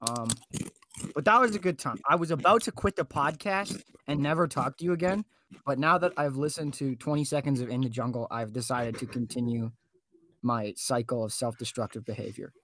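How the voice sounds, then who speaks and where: A man's voice: mid-range voice, a little fast, a bit bright. A man co-hosting a comedy podcast, talking in theatrical, melodramatic bursts. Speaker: podcast co-host.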